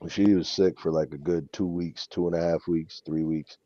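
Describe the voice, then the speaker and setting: A deep-voiced man telling loose, profane stories from home. The sound is dry and a bit muffled, with no room to it. Now and then he jumps up in pitch to mimic someone. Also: steady tone, moderate pace, mellow, no room sound. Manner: profane storyteller, mimics others in raised voices. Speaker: co-host on comic unboxing stream. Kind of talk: casual chat.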